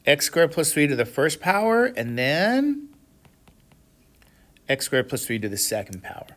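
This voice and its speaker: A man lectures a classroom of students in a lively, expressive voice that swings widely in pitch. He keeps throwing questions at the class to make sure they are with him, and breaks into sudden exclamations. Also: measured pace. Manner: asks the class frequent questions, checking understanding. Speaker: math instructor.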